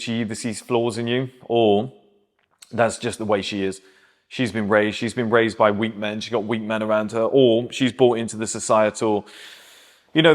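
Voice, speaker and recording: A man, giving blunt, emphatic dating advice in a casual, conversational monologue. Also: mid-range voice. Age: 30s.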